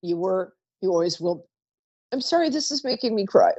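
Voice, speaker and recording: A woman's voice: medium pitch, lively intonation, normal speed, mellow, dry recording, muffled recording. A woman hosting a live call-in psychic reading show, chatty and rambling, often trailing off mid-sentence. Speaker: psychic radio host.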